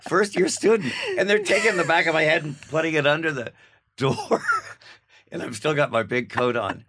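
An older man telling an animated anecdote in a casual chat, laughing as he goes. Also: on the high side, moderate pace, long pauses, a little hiss or hum. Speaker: guest.

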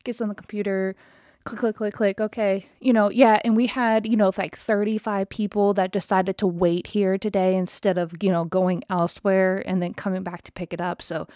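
A woman's voice: medium pitch, flat delivery, moderate pace, dark tone, no echo. Heated, profane woman ranting, dry sound. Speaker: storyteller ranting about her day. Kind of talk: casual angry storytime rant.

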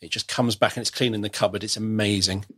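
A man's voice: lowish voice, fairly even intonation, fast, a bit bright, husky, dry recording. Middle-aged man, podcast host, casual and self-deprecating, dry close sound. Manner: chatty, self-deprecating, frequent restarts. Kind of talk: casual conversational chat.

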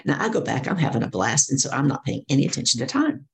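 Gravelly animated woman telling stories. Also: a bass voice, fast. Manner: animated storyteller acting out quoted voices. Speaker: guest speaker and coach. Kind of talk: storytelling interview.

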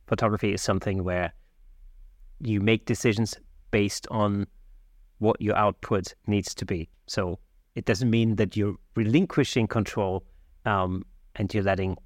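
A man's voice: lowish voice, unhurried, no room sound, studio quality. A man from Germany, hosting a podcast with a friendly, upbeat manner. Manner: lively, friendly, upbeat sign-off. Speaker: podcast host. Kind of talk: podcast conversation and outro.

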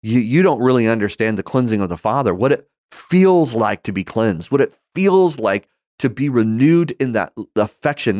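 A man's voice: mid-range voice, no room sound, clean studio sound. A man giving an earnest, conversational Bible teaching that grows more emphatic and impassioned. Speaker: Christian teacher.

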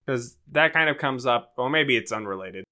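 Bright, crisp-voiced man reviewing a movie. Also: mid-range voice, moderate pace. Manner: animated, jokey, acts out movie lines in bits. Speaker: podcast co-host. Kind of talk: casual movie review chat.

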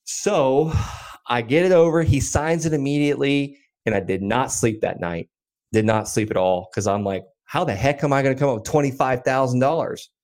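A man in his thirties, a podcast guest, telling a story in a casual, animated way with many fillers. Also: medium pitch. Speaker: podcast guest, land investor.

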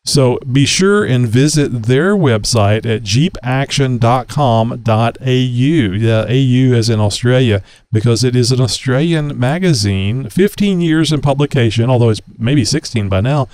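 A man's voice: mid-range voice, unhurried, hardly any pauses, darkish tone, dry recording. A man co-hosting a casual talk podcast, joking and laughing, with frequent fillers. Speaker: podcast co-host.

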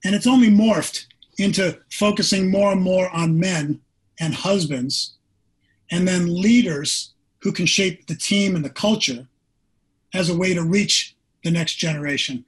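A man's voice: high voice, unhurried, breathy edge. A middle-aged man, a former pro football player, telling an earnest personal story in an interview.

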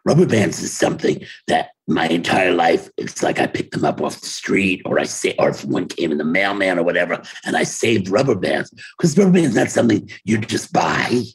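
An older man speaking casually in an interview over a video call from his home office, telling wry stories and laughing often, with a very husky voice. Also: deep voice, expressive, normal speed, hardly any pauses, low-quality recording. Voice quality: very husky, gravelly voice. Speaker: interview guest, playwright.

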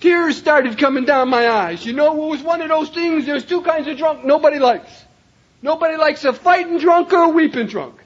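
An older man from Cleveland telling his own recovery story to a meeting, emphatic, swinging from shouts down to quiet lines. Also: normal speed. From Cleveland, Ohio, USA. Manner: emphatic, raises voice to a shout then drops low. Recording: dull lo-fi recording.

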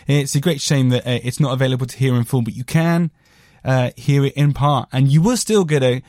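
A man's voice: sits high, a little mellow, dry recording, studio quality. A man hosting a podcast, chatting casually about a record in a rambling, jokey way with crude asides. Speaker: podcast host reviewing a record. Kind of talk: casual chat.

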